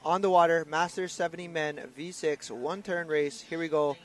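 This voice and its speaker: A man's voice: fairly high pitch, steady tone, normal speed. A man with a slightly raised voice does live sports commentary on a canoe race. He sounds upbeat as he runs through the lanes and crews.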